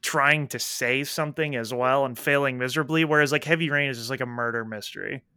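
Bright, animated guy swearing casually. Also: medium pitch, brisk, clear, resonant tone, no room sound, studio quality. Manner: animated, profane storytelling. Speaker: podcast co-host. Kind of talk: casual chat.

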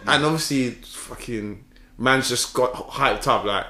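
A man telling a story in casual chat, slangy and animated, acting out the dialogue. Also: mid-range voice, a little fast. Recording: echoey room.

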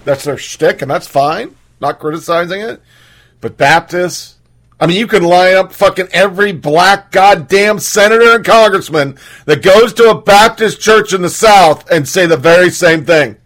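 A man's voice: sits high, normal speed, a bit bright. Profane, heated man ranting. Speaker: host. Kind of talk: casual political rant.

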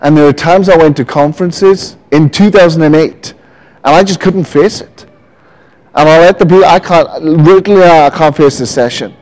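A man preaching a lively sermon, telling stories and calling out to the congregation. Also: a little high, normal speed, rough recording. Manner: lively, animated preaching with storytelling. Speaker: pastor.

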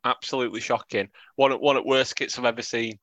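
A man joking and chatting about football on a casual podcast, quick to poke fun at himself. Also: mid-range voice, level tone, fairly bright tone, no echo. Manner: jokey, self-deprecating, laughs.

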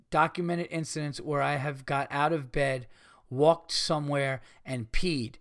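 A man's voice: on the high side, steady tone, unhurried, fairly bright tone. A young adult man hosting a comedy podcast, reading listener stories aloud with crude, laughing asides.

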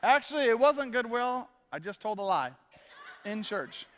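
A man preaching as a pastor in a church, casual and joking, slipping into quick quoted asides. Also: very high-pitched, sing-song, fairly bright tone, long reverb tail, slight background noise. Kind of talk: casual sermon. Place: church sanctuary.

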